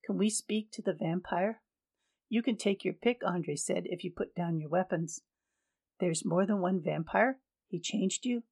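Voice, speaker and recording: Woman reading a story, low husky voice, barely changes it for the characters. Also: measured pace, a little mellow. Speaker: audiobook reader. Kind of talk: scripted narration.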